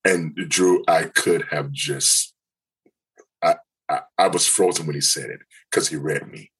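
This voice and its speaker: A man telling a personal story in an interview, earnest and halting, often restarting his sentences. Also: rumbling low, fairly even intonation, a bit bright, breathy edge, rough recording. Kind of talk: candid personal testimony.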